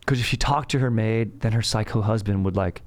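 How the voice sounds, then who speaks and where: Speaking fairly quickly in a lowish voice, a man hosts a comedy history podcast. He spins the tale loosely with plenty of slang and cracks himself up along the way.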